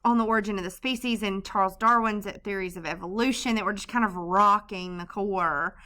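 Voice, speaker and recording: A woman gives a recorded literature lecture in a loose, conversational way, stopping often for ums and restarts. Her voice is bright and forward, with a clean, clear tone. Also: medium pitch, steady tone, a little fast. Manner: casual, loose delivery with many ums and restarts. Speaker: literature teacher.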